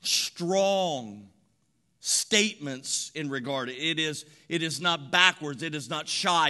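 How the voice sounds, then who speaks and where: Emphatic preaching pastor, bright voice. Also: male voice, on the high side. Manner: builds from quiet reflective to loud emphatic preaching; repetitive rhythmic phrasing. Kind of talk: sermon.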